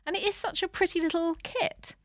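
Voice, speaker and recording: A woman's voice: very high-pitched, fairly even intonation, a little fast, no room sound. A woman in her forties co-hosting a casual chat, dry and matter-of-fact with a teasing edge. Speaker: podcast co-host.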